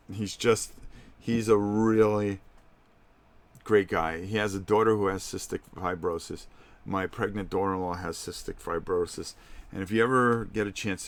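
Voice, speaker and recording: A man's voice: low-pitched, gravelly. A middle-aged man hosting a live stream, chatting casually and speaking directly to his viewers.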